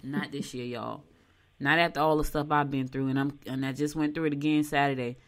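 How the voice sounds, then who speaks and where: Woman, middle-aged, casual chat, animated, low-pitched. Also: fairly quick. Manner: chatty, animated storytelling. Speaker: morning show co-host. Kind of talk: casual chat reading horoscopes.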